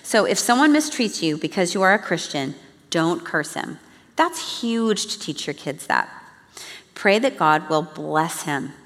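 A woman's voice: on the low side, very animated, a little slow, a bit bright. A woman giving an earnest, chatty church teaching talk to a congregation. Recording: long reverb of a large hall.

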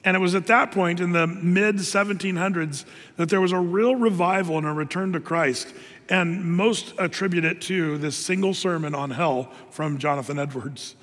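A man's voice: sits high, moderate pace, fairly bright tone. A man preaching a sermon in a loose, conversational way, full of fillers and restarts. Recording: long hall reverb.

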